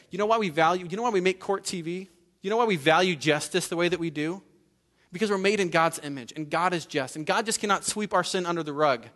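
A man's voice: on the high side, a bit bright. A man preaching a sermon as pastor, earnest and emphatic, often repeating words as he restarts.

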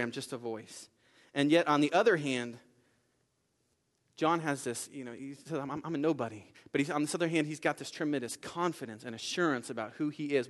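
A man delivers a sermon in a relaxed, conversational style, his voice sitting a little on the high side. He asks his listeners "right?" and "okay?" as he goes, and he acts out the quoted lines with energy. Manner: conversational preaching with frequent tag questions, acts out quoted lines. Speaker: pastor.

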